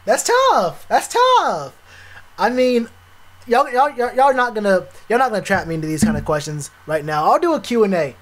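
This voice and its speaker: A young man streaming live, chatting casually with viewers, animated and repetitive, full of slang. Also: sits high, fairly quick. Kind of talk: live stream reaction chat.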